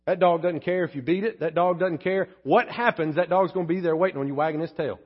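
A man's voice: a little high, a little fast, hardly any pauses, husky. A male pastor preaching a sermon, emphatic and candid, joking with the congregation. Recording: dull lo-fi sermon recording.

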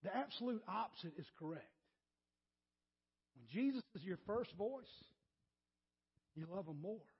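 High, husky-voiced male pastor preaching. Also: expressive, a little slow, long pauses, lo-fi sound. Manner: repeats words, addresses congregation by name; swings from quiet to loud and emphatic. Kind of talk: sermon.

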